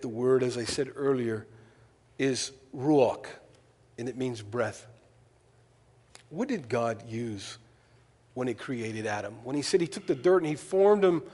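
A man's voice: medium pitch, darkish tone. Preacher man in a reverberant hall. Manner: reads scripture then adds joking asides. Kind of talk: sermon with scripture reading.

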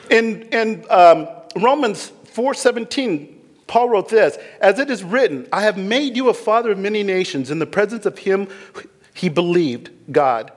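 A man preaching a sermon as pastor, animated, acting out scripture figures with laughter. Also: high-pitched, moderate pace, big-room sound.

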